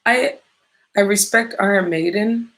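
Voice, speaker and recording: Midwest woman, slow gravelly voice, rambly casual podcast talk, lots of swearing and trailing off. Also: mid-range voice, a bit bright. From Midwestern United States. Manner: rambling, profane, often loses her train of thought. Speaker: podcast host. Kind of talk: casual chat.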